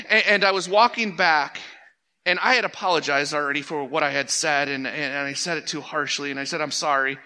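A middle-aged man delivers a sermon in a church, his voice strikingly bright and slightly high. He talks in an earnest, conversational way, circling back with restarts before building to emphatic peaks. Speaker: pastor. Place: church sanctuary.

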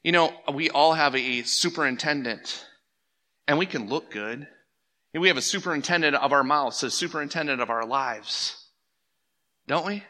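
A middle-aged man delivers a sermon in a church, his voice strikingly bright and slightly high. He talks in an earnest, conversational way, circling back with restarts before building to emphatic peaks. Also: normal speed. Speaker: pastor. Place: church sanctuary.

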